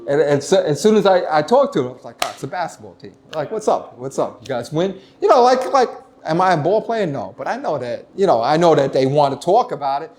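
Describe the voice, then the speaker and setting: A middle-aged man, a retired police lieutenant telling stories in an interview, animated and full of restarts. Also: fairly high pitch, fast, hardly any pauses, a little hiss or hum. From United States. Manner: animated storytelling, many restarts, acts out quoted voices. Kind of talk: casual interview talk.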